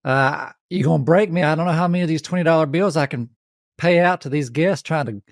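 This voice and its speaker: A man's voice: on the high side, fairly quick, dry recording, studio quality, lightly acted. A man hosting a podcast, putting on an exaggerated folksy Southern twang. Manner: folksy, drawling, teasing. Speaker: podcast host.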